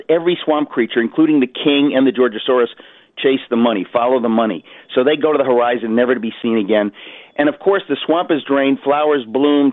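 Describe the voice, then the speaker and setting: Animated man on a tinny phone line. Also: medium pitch, no room sound. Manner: animated storyteller, acts out voices. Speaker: author guest. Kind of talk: phone-in radio interview.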